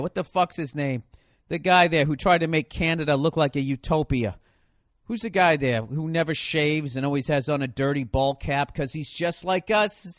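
A man's voice: fairly high pitch, no room sound, studio quality. A man hosting a solo podcast, rambling in a sarcastic, profanity-heavy rant. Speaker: podcast host.

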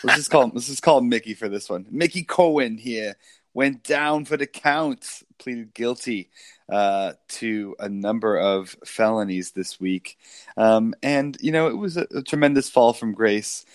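A man's voice: mid-range voice, lively intonation, unhurried, dry recording, studio quality. A man co-hosting a podcast, talking in casual political banter and mocking a public figure, with many fillers. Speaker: podcast co-host.

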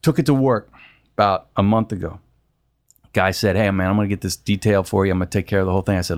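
Lowish-voiced man telling an animated story. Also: a little fast, clear, resonant tone. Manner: animated storyteller, acts out others' lines. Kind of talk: casual chat.

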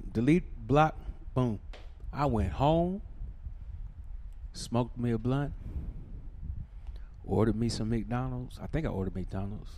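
A man telling a profane, ranting story, swinging from shouting to low muttering.

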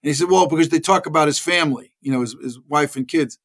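A man's voice: on the high side, fast. A man telling rambling stories in a casual interview, acting out the people he quotes. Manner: rambling, animated, acts out quoted voices. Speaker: actor guest.

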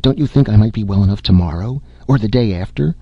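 A man reading the voice of a sickly young boy who is eager and polite, pitching his voice up. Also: expressive, fast talker, no room sound, highs cut off.

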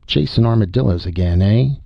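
A man voicing a wary rural man who calls out gruffly from a porch. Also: lowish voice, fairly quick, dry recording. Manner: calling out, gruff. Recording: dull lo-fi audio.

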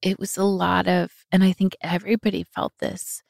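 A woman's voice: on the low side, level tone, normal speed, vocal fry, no echo, clean studio sound. A woman co-hosting a podcast in casual chat, hungover, emotional and often whispering. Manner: soft-spoken, often dropping to a whisper. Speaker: podcast co-host.

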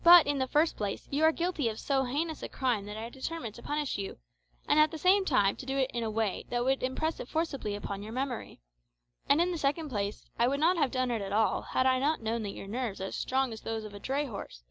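A cheeky young prankster scolds a comrade in mock-stern tones, read by a woman. The voice sits fairly high and teasing, in the even manner of a storybook reading. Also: brisk, poor audio. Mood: mock-scolding.

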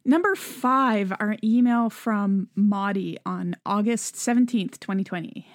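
A woman's voice: mid-range voice, measured pace, no echo, clean studio sound. A woman co-hosting a podcast, reading listener emails aloud in casual chat, earnest and laughing easily. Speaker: podcast co-host.

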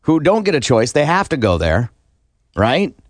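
A man's voice: mid-range voice, sing-song, moderate pace, no echo. A man co-hosting a podcast, chatting casually in a skeptical and argumentative way. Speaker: podcast co-host. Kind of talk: casual chat.

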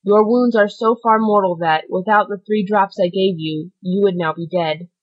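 A woman reading aloud plays a solemn male priest who lectures a dying sinner with grave, measured authority. The voice sits at a middling pitch, and the lo-fi recording sounds muffled. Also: steady tone, lightly acted. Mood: stern.

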